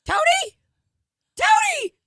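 Woman doing a shrill squeaky poop creature. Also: big pitch swings, slow pace, no room sound, studio quality, full character voice. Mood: panicky shrill. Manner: shrill yelping, panicky shouting. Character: squeaky excitable male talking poop creature.

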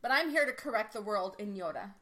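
A woman's voice: medium pitch, lively intonation, fast, fairly bright tone. A woman co-hosting a casual chat podcast, telling stories animatedly and laughing often. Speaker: podcast co-host.

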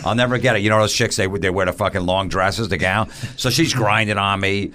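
A man with a bright, forward voice tells crude stories in a loose podcast chat. He acts out what other people said as he goes. A faint hiss sits under the recording. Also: on the low side, brisk. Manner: crude, chatty storytelling, acting out quoted lines.

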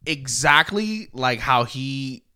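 A man's voice: mid-range voice, lively intonation, slow pace, pushed and bright, clear, resonant tone. A man with a cold, rambling through stories in a casual podcast chat, swearing freely and laughing often. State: congested from a cold. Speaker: podcast co-host.

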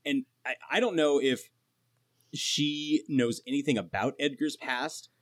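A man's voice: on the high side, unhurried. A man in a casual chat who rambles as he retells film scenes in detail.

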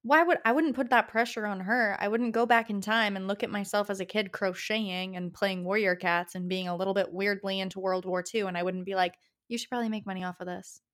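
A young woman with a Canadian accent talks through a casual solo podcast. She is passionate and chatty, and her pitch climbs at the end of her phrases. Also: steady tone, fairly quick, few pauses, fairly bright tone. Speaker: podcast host.

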